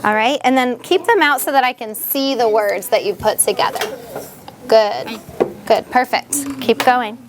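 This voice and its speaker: A woman teacher in a classroom, patiently guiding young students and sounding out words slowly. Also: a little high, noisy background.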